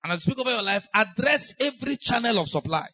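A man's voice: sits high, animated, fast, no echo, muffled recording. A man with a Nigerian accent preaching a sermon as pastor, emphatic and acting out the voices of people he quotes. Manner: emphatic, acts out quoted speakers.

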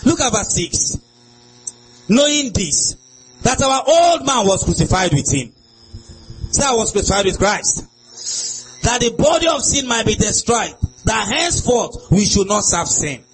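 A man preaching a sermon, emphatic and sing-song, with sudden shouts. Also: high voice, very animated, a little slow, slight background noise, low-quality recording.

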